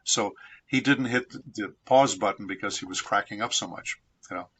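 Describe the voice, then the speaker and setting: This San Diego voice actor, a guest on an interview, speaks in a bright, forward, slightly rough voice pitched at the low end of the typical male range. He shares anecdotes from his voice acting career at an unhurried pace, coming across as a steady, measured, reflective storyteller.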